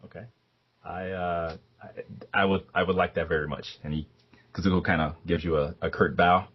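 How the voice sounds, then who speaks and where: A man's voice: low voice, little pitch movement, normal speed. A man playing a tabletop role-playing game, laughing often and hesitating with fillers. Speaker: player. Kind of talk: tabletop role-play, casual. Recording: dull, lo-fi sound.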